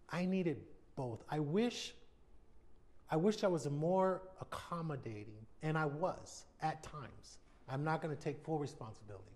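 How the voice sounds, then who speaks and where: This interview guest is a retired baseball player, an American in his fifties, talking candidly and thoughtfully in a sit-down TV interview. His voice is fairly high and a little mellow, and he acts out quoted voices.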